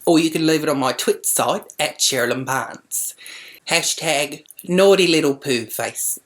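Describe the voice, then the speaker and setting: A man's voice: on the high side, unhurried, a bit bright. A man playing a brash, blunt middle-aged Australian mother in a comic vlog monologue, speaking crude and matter-of-fact.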